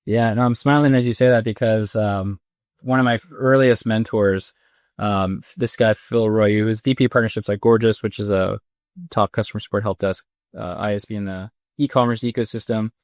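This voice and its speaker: A man's voice: lowish voice, fairly even intonation, moderate pace, a little mellow, dry recording, clean studio sound. A man in his thirties hosting a podcast interview, chatty and rambling, with many restarts in his questions. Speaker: podcast host. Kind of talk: conversational interview.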